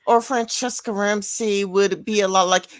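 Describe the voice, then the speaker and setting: A woman's voice: mid-range voice, steady tone, moderate pace, no echo. A woman co-hosting a podcast in casual chat, rambling with lots of fillers like "you know". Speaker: podcast co-host.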